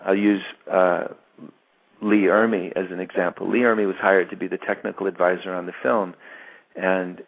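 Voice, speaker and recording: A man in his fifties tells a long story in an interview, his voice very low and gravelly. He restarts and repeats words often as he searches for the phrase. The sound is thin and narrow, like a phone line. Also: little pitch movement, moderate pace. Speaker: actor being interviewed.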